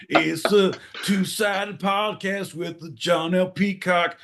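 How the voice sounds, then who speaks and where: A man's voice: high voice, steady tone, slow, hardly any pauses, a bit bright. A man co-hosting a comedy podcast in rowdy banter, goofy and sweary, breaking into nonsense beats. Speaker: podcast co-host.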